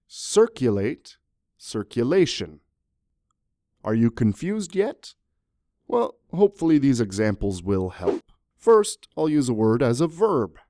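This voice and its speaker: A man's voice: mid-range voice, no echo, studio quality. A man teaching an English grammar lesson in a playful, jokey way, often speaking directly to the viewers. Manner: jokey, animated, talks to viewers.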